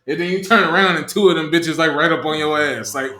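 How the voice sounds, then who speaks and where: A man co-hosting a podcast, telling a story in a casual chat: animated and profane, laughing mid-sentence. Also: fairly high pitch, fast talker, roomy sound, noisy background. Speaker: podcast co-host.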